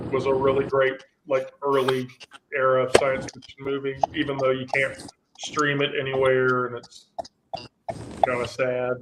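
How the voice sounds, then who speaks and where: A man hosting a relaxed group chat, rambling and often restarting his sentences. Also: medium pitch, background noise. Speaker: host. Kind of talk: casual chat.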